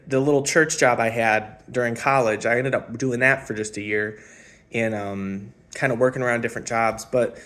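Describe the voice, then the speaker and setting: A man in his thirties telling his own life story in a casual, rambling, reflective way, often pausing with ums. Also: medium pitch, a bit bright. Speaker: spiritual channeler and former music teacher.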